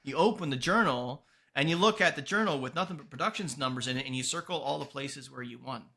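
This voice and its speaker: Forceful, bright-voiced male podcast host. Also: mid-range voice, fast, gravelly. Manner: emphatic, earnest, swears casually. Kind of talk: casual motivational podcast talk.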